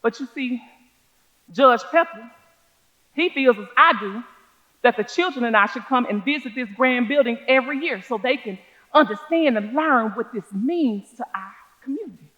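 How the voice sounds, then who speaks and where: An actress in a one-woman stage show, playing a proud older schoolteacher from who tells her story in a measured, folksy way. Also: on the high side, expressive, fairly bright tone, lo-fi sound. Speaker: stage performer. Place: theater stage.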